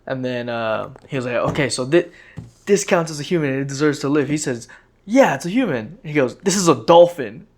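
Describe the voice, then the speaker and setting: Relaxed young man in casual chat. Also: mid-range voice, brisk. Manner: relaxed, loose retelling with fillers and laughs. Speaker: podcast co-host.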